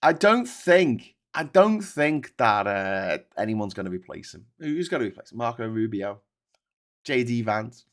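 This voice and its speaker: A British man with a mid-range voice hosts a live show at an unhurried pace, reading out viewer comments. He rants in an animated, sweary manner, frequently stumbling and restarting.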